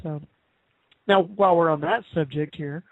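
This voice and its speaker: A male podcast host chatting casually, his voice sitting a touch high. He rambles through fillers and restarts and laughs easily. The audio is dry, narrow and phone-like. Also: moderate pace, dry recording. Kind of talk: casual chat.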